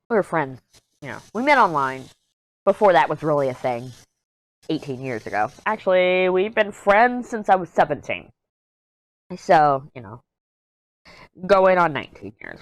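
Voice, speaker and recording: Her voice sits low, with lively intonation and a normal pace, recorded with no echo. She is a crafting vlogger in her thirties, chatting candidly and jokingly while diamond painting, rambling and easily distracted.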